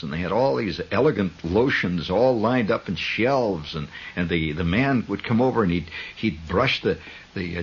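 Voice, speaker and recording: A man's voice: on the low side, husky. A man hosting a 1970s radio show, telling a long story in a rambling monologue full of asides and restarts. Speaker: radio host. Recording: dull 1970s radio broadcast.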